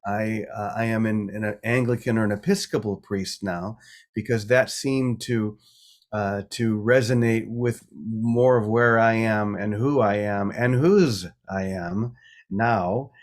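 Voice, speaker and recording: A man's voice: on the low side, fairly even intonation, takes it slowly. A middle-aged man, a priest and guest, talking about his faith in a reflective, storytelling way. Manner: warm reflective storytelling with laughs. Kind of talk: casual spiritual talk.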